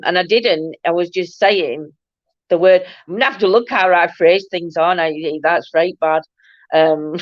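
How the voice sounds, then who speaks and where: Yorkshire woman from Barnsley hosting a casual livestream, chatty and quick to laugh, dull dry recording. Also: on the low side, no room sound. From Yorkshire, England. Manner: chatty and laughing, broad dialect. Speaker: livestream host. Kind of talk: casual chat reading viewer comments.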